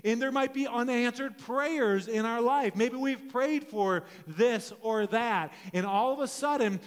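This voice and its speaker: High-voiced male pastor in a reverberant hall. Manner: storytelling, often restarts and corrects himself. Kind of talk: conversational sermon. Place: church sanctuary. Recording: long reverb of a church hall.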